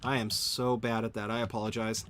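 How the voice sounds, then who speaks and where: A man's voice: fairly low pitch, little pitch movement, fairly quick, a bit bright. A man thinking aloud while streaming a game at home, answering chat and often correcting himself. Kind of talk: live gameplay commentary, answering chat.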